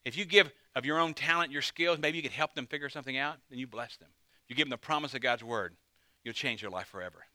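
A man's voice: mid-range voice, fast talker, sharp tone, dry recording. A man, a pastor, preaching a conversational sermon with dramatic emphasis.

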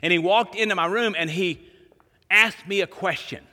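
Male pastor, sermon delivery, bright ringing tone, repeats lines for emphasis, long hall reverb. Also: high-pitched, normal speed. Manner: animated storytelling preacher, repeats phrases for emphasis.

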